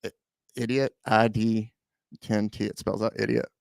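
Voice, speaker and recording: A man's voice: fairly low pitch, level tone, normal speed, vocal fry, a little mellow, dry recording. A man working as a show producer, chatting casually and sheepishly admitting a mistake. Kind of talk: casual chat.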